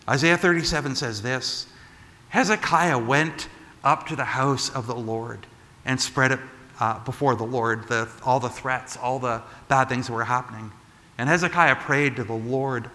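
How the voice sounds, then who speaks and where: A man, a pastor, giving a conversational sermon, animated as he retells a story, with frequent asides like "right?". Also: medium pitch, moderate pace, in a large hall. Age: adult.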